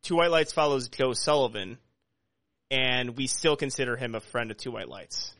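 A man's voice: mid-range voice, normal speed, a bit bright, no room sound. Nasal-voiced man hosting a podcast. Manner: rambling, joking, lots of restarts. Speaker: podcast host. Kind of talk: casual podcast chat.

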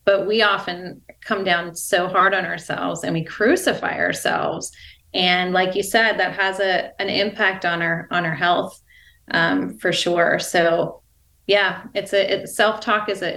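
A woman's voice: lowish voice, steady tone, moderate pace, gravelly, sharp tone. A woman guest in a reflective conversation, talking thoughtfully with many fillers. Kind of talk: casual conversation. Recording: echoey room.

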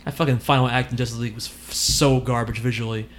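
A man's voice: medium pitch, steady tone, quick pace. A man hosting a podcast, chatting loosely about movies, often laughing and swearing. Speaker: podcast host. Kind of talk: casual movie chat.

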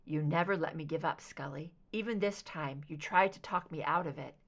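A woman voicing a troubled, guilt-ridden grown man in an audiobook reading, speaking in a low, halting way. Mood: shaken.

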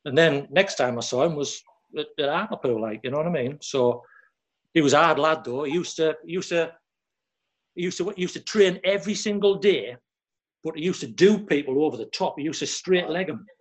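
A man, a former footballer who tells stories haltingly, repeating words and quoting others. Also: fairly high pitch, animated. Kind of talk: casual storytelling chat.

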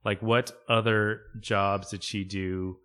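A man co-hosting a podcast in casual chat, laughing often and talking in quick bursts. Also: fairly low pitch, flat delivery, fairly bright tone. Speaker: podcast co-host.

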